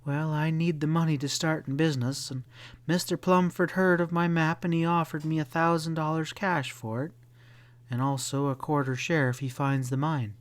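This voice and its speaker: A man voicing a cool-headed, determined young woman in an audiobook, raising his voice higher for her. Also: steady tone, moderate pace, natural voice. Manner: raised pitch for a young woman.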